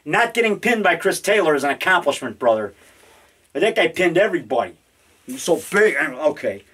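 A man in his fifties rambling excitedly through a home video in his basement, now and then growling mock monster roars. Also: on the high side, fairly quick, breathy edge. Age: 50s. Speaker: independent horror filmmaker. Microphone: handheld digital camera.

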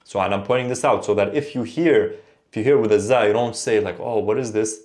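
A man's voice: lowish voice, darkish tone. Man teaching sounds, patient. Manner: explanatory, repeats words slowly for learners. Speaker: Arabic teacher. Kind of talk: online language lesson.

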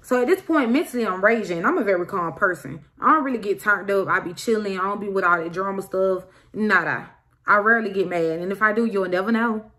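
A young woman vlogger telling a storytime story in an animated, emphatic way. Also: mid-range voice, fairly quick. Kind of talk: casual storytime.

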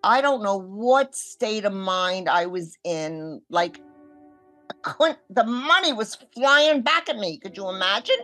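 Brief: older woman, mid-range voice, dramatic first-person storyteller who acts out quotes; soft music bed. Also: mid-range voice, animated, measured pace. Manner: vivid, acts out quoted voices, shifts between hushed and loud. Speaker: scam victim telling her story.

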